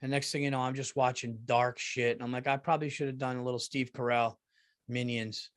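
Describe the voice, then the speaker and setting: A middle-aged man hosting a solo comedy podcast, retelling a movie with profane, animated outrage that drops to mumbling asides. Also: mid-range voice, fairly quick, smooth. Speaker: podcast host.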